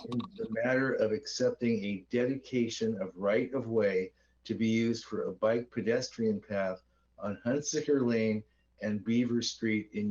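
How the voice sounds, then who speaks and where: Meeting chair, male, lowish voice, procedural and wry, muffled lo-fi sound. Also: a little mellow. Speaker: board chair running a public meeting.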